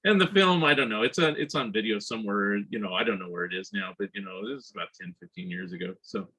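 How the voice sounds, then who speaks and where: A man's voice: lowish voice, fast, bright, forceful tone, husky, poor audio. A man hosting a podcast, telling a rambling anecdote in casual chat and laughing between phrases. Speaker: podcast host.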